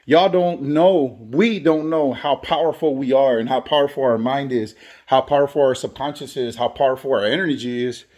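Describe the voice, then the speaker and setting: A man's voice: mid-range voice, normal speed, a little mellow. A man who is a barber and father, talking earnestly in a motivational vlog and repeating phrases for emphasis. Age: adult, has kids. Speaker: barber and vlogger.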